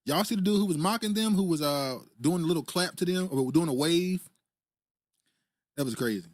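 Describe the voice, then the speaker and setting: A man's voice: on the high side, animated, normal speed, no room sound, studio quality. A man hosting a casual political commentary stream, laughing often as he reads viewer comments aloud. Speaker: host reading live chat.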